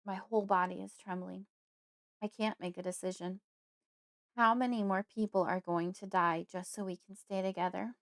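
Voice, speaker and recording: A woman reading a creepy horror audiobook in the first person, at a steady, measured pace. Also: mid-range voice, dry recording, clean studio sound. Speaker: audiobook narrator.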